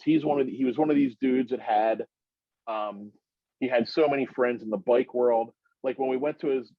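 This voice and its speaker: A middle-aged man on a podcast, telling a long, rambling personal story that climbs much higher in pitch as he gets worked up. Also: no room sound. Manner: rambling, animated storyteller who climbs high when excited. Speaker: podcast guest. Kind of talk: casual storytelling. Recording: muffled, dry recording.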